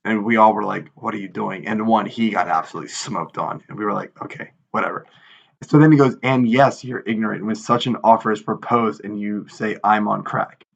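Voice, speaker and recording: A man in his thirties co-hosting a podcast, telling an animated story in casual chat and acting out quoted lines with exasperation. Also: lowish voice, fairly quick, gravelly, lo-fi sound. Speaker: podcast co-host.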